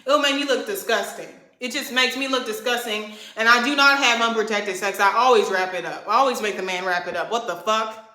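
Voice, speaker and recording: A woman's voice: on the high side, brisk, bright, forceful tone. Heated, swearing young woman ranting. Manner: heated, profane, emphatic. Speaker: vlogger. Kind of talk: angry venting rant to camera. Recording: echoey room.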